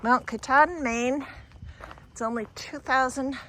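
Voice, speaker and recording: A woman's voice: sits high, measured pace, pushed and bright, slight background noise. A woman, vlogging casually and candidly from a mountain trail into a handheld camera, sometimes catching her breath. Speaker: hiking vlogger.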